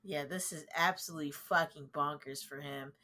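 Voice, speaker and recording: A woman's voice: deep voice, fairly even intonation, normal speed, bright, forceful tone. A woman playing in a tabletop game, describing her character in a casual, joking way with plenty of swearing. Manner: profane, joking, laid-back. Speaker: player.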